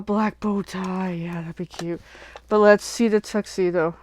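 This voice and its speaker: A woman crafter chatting casually while making cards, gushing with excitement and slipping into whispers over cute things. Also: on the low side, a little slow, slight background noise. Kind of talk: casual crafting livestream chat.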